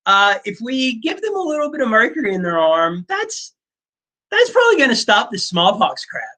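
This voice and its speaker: A man playing a foolish, overconfident colonial doctor in a mocking high voice. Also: sing-song, normal speed, bright, forceful tone, heavily acted.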